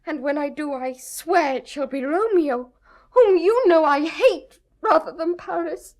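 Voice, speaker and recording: A woman's voice: sits high, a little slow. An actress playing a young noble girl in a 1970s radio drama, tearful and pleading. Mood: defiant. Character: young noble girl, desperate and defiant daughter.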